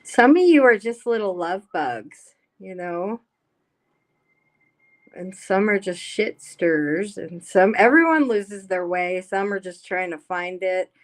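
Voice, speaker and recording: A woman chatting slowly and unhurriedly on a home livestream. She reads chat messages aloud, talks bluntly and swears freely. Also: mid-range voice, animated. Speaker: livestream host. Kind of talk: casual live-stream chat.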